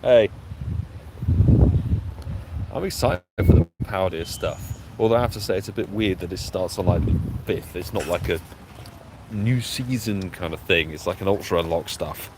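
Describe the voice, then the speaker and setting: A British man streams live from outdoors near a road, where traffic noise comes through clearly. Speaking low at a moderate pace with long pauses, he chats casually, catches his breath, and greets viewers by name.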